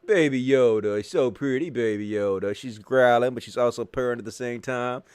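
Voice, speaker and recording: A man's voice: medium pitch, moderate pace, a little mellow, clean tone. A man hosting a live commentary show, ranting sarcastically and swearing a lot. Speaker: host.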